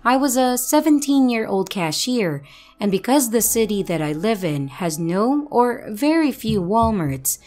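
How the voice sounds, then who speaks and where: A woman narrates a true scary story with a steady, dramatic delivery. Her pitch sits in an ordinary middle range. Soft music plays faintly underneath her voice. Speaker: narrator reading viewer stories. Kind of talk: scripted horror story narration.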